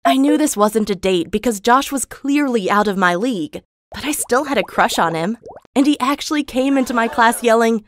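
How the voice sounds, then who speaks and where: A woman's voice: a little high, animated, normal speed, a little hiss or hum. A woman narrating a first-person storytime in a gleeful, gossipy way.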